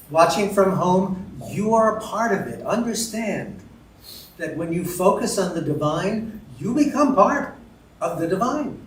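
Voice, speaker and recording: A man speaking to a congregation as practitioner at a spiritual center, earnest and unhurried with some fillers, heard from a distance. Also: sits high. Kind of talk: sermon to a congregation. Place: church hall. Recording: roomy distant sound with faint noise.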